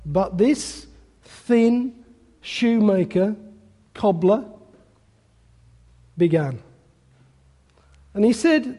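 A man's voice: high-pitched, animated, drawn-out words, long pauses, mellow, in a large hall. A man preaching a sermon, telling a story with chatty asides.

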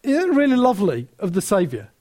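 Excitable preacher man. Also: high voice, quick pace. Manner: animated storytelling, many restarts, laughs at own story. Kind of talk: sermon with anecdote.

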